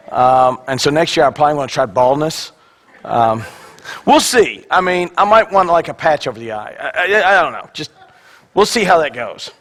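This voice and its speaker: A male pastor with a raspy, hoarse voice, mixing wry self-deprecating jokes with a scripture reading. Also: on the high side, animated, brisk, a bit bright. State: hoarse, coughing. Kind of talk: sermon.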